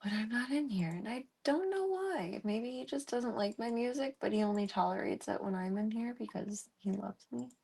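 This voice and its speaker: A woman's voice: fairly high pitch, animated, moderate pace, vocal fry, hardly any pauses, darkish tone, breathy edge. A woman streamer chatting casually and rambling as she moves around her home, slipping into baby talk with her cats. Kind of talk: casual live-stream chat.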